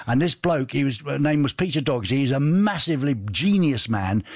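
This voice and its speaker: A man's voice: mid-range voice, animated, fairly quick, slightly rough, dry recording, clean studio sound. A man hosting a radio show in a chatty, rambling, jokey way, reading out listener messages. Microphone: studio microphone.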